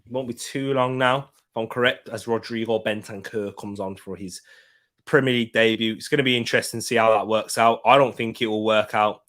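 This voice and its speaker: Excitable man, bright voice. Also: on the low side, fairly quick. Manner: chatty, bursts into loud excited shouting at big moments. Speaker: football watchalong host. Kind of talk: live match commentary and chat.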